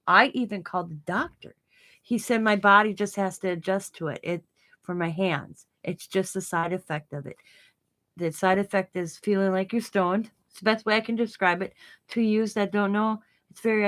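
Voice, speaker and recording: A woman's voice: mid-range voice, steady tone, moderate pace, fairly bright tone. Crafty lady chatting at home, giggly, rambles and repeats herself, bit of a stutter. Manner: giggly, laughs often. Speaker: craft channel host. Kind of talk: casual chat while crafting.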